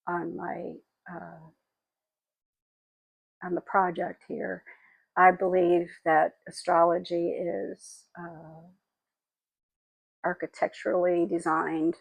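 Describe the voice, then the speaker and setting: A woman in her sixties telling personal memories in a halting, reflective, tearful way. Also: fairly low pitch, creaky, breathy edge, no echo, poor audio. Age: 60s. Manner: halting and reflective, with frequent pauses and fillers; tearful and emotional. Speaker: spiritual vlogger. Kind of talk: personal memoir monologue.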